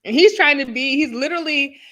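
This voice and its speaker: A woman's voice: high-pitched, fast talker. A young woman co-hosting a casual live review chat over a video call, laughing often and telling stories with energy. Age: young adult. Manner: laughs often, animated storytelling. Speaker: co-host.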